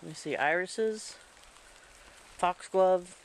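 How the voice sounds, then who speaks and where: A man's voice: high voice, takes it slowly, low-quality recording. A man chatting casually as he walks through his outdoor garden in light rain, recorded on a handheld camera. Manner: rambling, chatty. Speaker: vlogger. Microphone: handheld camera mic.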